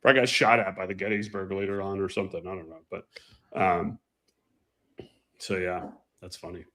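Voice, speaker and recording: A man chatting casually as a show co-host, telling animated flying anecdotes and acting out the people in them. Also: low-pitched, a little fast. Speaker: co-host, former flight instructor. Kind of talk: casual storytelling chat.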